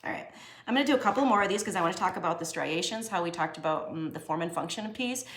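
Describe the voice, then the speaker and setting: A woman's voice: fairly low pitch, lively intonation, fast talker, fairly bright tone. A young woman teaching a casual drawing lesson, chatty and joking with herself as she shades. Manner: chatty, jokey, talks to herself while drawing. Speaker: art teacher. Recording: echoey room.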